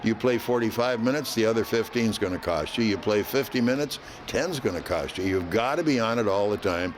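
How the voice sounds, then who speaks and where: Older man, low voice, folksy, unhurried, faint background hum. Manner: folksy, unhurried with frequent uh fillers. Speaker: interviewee, veteran hockey announcer. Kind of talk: relaxed interview storytelling.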